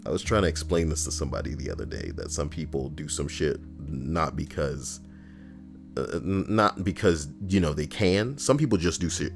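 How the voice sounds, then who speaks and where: A man with a remarkably deep, low voice reads stories aloud on a stream. He stops often for blunt commentary full of swearing, while soft guitar music plays faintly behind him. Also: creaky. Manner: blunt, profane asides.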